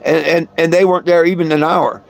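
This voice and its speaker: Gravelly-voiced man rambling. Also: on the high side, steady tone, fairly quick. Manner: rambling, repeats words, chuckles between lines. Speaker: live stream host. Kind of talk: casual storytelling to viewers.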